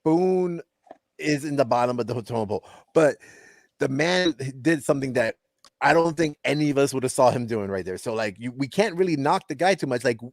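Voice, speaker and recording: A man's voice: mid-range voice, animated, brisk, gravelly, dry recording, clean studio sound. A man co-hosting a sports podcast, talking loosely and conversationally with lots of "like". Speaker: podcast co-host. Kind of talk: casual sports chat.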